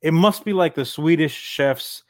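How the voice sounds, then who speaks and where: A man's voice: on the high side, unhurried, dry recording. A middle-aged man co-hosting a podcast, riffing and joking in casual chat over a remote call. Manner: joking, riffing with silly voices. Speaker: podcast co-host.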